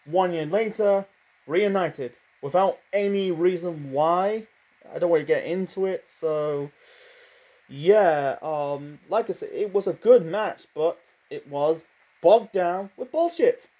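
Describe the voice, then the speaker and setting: A man giving a casual spoken review of a wrestling show, rambling with many fillers and asides, and admitting he talks too fast. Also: high-pitched, dark tone, poor audio.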